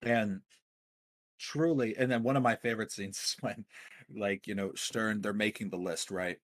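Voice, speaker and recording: A man with a fairly low voice talks through a film in a casual podcast chat. He is eager and rambling, circling his point with fillers and restarts. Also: steady tone, normal speed. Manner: enthusiastic, rambling with many fillers. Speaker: podcast co-host.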